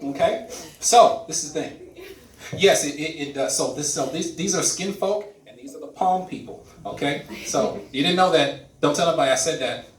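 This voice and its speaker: A man doing a stand-up comedy set, animated, chuckling at his own jokes and repeating words for emphasis. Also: on the high side, moderate pace, echoey room, recorded from a distance, poor audio. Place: comedy club stage.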